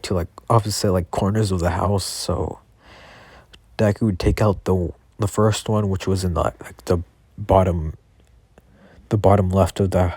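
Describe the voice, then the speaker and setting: A man's voice: low-pitched, darkish tone, no echo. A young man improvising a story casually, rambling with many "like" fillers and restarts.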